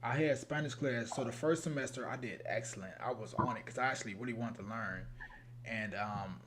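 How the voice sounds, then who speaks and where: A young man chats loosely on a livestream and drifts through long stories full of slang. His voice sits at a middle pitch. A faint hum runs under it. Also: a little fast, fairly bright tone. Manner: rambling, laid-back storytelling with slang. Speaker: co-host of a true crime livestream. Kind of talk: casual livestream chat.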